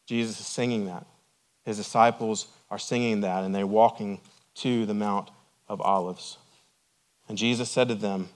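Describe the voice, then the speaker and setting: A middle-aged man, a lead pastor, preaching a sermon with earnest emphasis that swells to strong peaks and falls to quiet, reflective lows. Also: steady tone, moderate pace.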